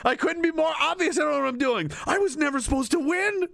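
A man's voice: very high voice, fast talker, gravelly, fairly bright tone, no room sound, clean studio sound, pitched above the performer's own voice, full character voice. A man voicing a bumbling middle-aged male politician who is whiny, helpless and pleading for someone to stop him.

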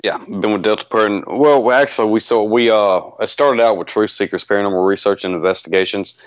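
An easygoing male radio guest with a deep Southern drawl who rambles comfortably through his stories. His voice sits low, and it comes through dry and muffled over a lo-fi line. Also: a little fast, dry recording. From Mississippi, American South. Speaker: guest, paranormal investigator. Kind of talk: casual radio interview.

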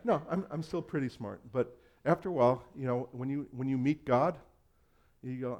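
A middle-aged man preaches with easy humor and jokes at his own expense. His voice sits at an ordinary pitch, dropping to quiet asides and then jumping up loud for emphasis. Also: normal speed. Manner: humorous, self-deprecating storytelling; animated, swings between quiet asides and loud bursts. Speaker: pastor. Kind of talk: sermon.

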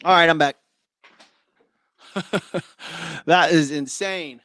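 Talking through matchups and betting picks on his sports podcast, a man speaks extremely slowly in a fairly high, slightly bright voice with no room sound. He's loose and chatty, breathing heavily, and keeps saying sorry for glitches.

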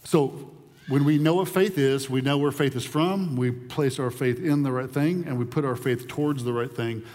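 A man preaching a sermon in an animated way, often repeating words as he builds his point. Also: medium pitch, normal speed, big-room sound. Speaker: pastor.

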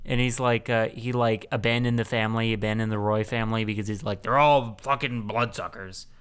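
A man's voice: fairly low pitch, monotone, smooth. Rambling man in a podcast recap. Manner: rambling, lots of ums and uhs, quick laughs. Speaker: podcast co-host. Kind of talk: casual movie recap chat.

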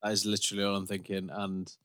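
A man co-hosting a casual football chat, teasing his co-host with deadpan jabs. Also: low-pitched, quick pace, no echo, clean studio sound. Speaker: podcast co-host.

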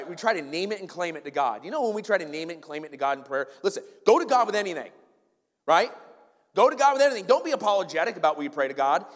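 Animated man preaching in a reverberant hall. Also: fairly high pitch. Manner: animated, swings between loud emphasis and quiet asides. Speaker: pastor. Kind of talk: sermon.

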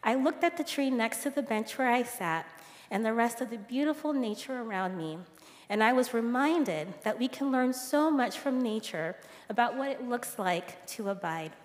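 Woman reading her testimony calm and reflective, long echo in a big hall. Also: a little high, normal speed. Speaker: congregation member sharing testimony. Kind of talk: read testimony. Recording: reverberant church hall.

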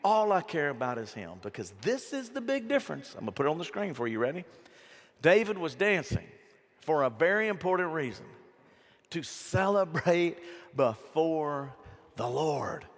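Energetic male pastor, animated storyteller, slightly high voice, big hall reverb. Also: moderate pace. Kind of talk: lively sermon. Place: church sanctuary. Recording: long reverb of a church hall.

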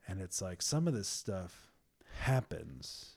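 A man's voice: sits low, sing-song, slow, vocal fry, a little mellow, breathy edge. A young man in a casual faith conversation, earnest and emphatic, often repeating words as he builds a point.

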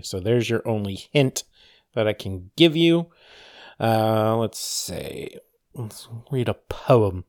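A man's voice: lowish voice, a little mellow, no room sound, clean studio sound. A man hosting a podcast alone, chatting casually with wry, rambling, sarcastic asides. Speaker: podcast host. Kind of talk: casual solo podcast chat.

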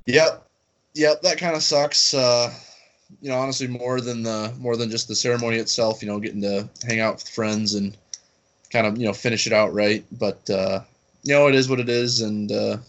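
A young man, just out of college, chatting on a podcast in an easygoing, relaxed way. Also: mid-range voice, normal speed, dull audio. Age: young adult. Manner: easygoing, relaxed, laughs lightly. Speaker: podcast guest. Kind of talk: casual chat.

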